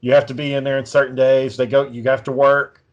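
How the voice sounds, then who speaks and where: A man's voice: mid-range voice, little pitch movement, fairly quick. Profane rambling man, lo-fi sound. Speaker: podcast co-host. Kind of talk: casual storytelling chat. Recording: dull lo-fi recording.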